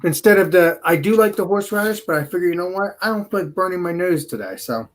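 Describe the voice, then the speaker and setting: A man hosts a laid-back food and beer chat, his voice sitting a little higher than most. He rambles through his meal with easy laughs and plenty of fillers. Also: lively intonation, fast talker. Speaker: host. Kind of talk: casual online food and beer show chat.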